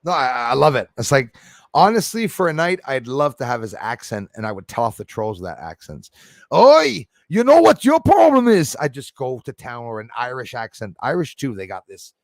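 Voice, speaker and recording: This livestream host has a medium-pitched, lively voice and talks a little fast, recorded dry and clean in a studio. He reads comments from chat, laughs, and jokes self-deprecatingly.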